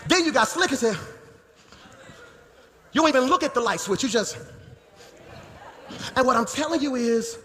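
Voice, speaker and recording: High-voiced preaching man in a reverberant sanctuary. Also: expressive, normal speed, long pauses. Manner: preaching, swings from quiet teaching to shouting. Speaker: pastor. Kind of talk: sermon. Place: church sanctuary. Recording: live church hall reverb, faint noise.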